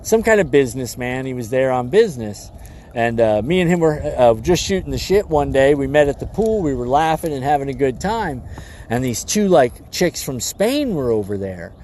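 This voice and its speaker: A man hosting a live stream, rambling through an animated story with lots of fillers. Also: mid-range voice, normal speed, slight background noise.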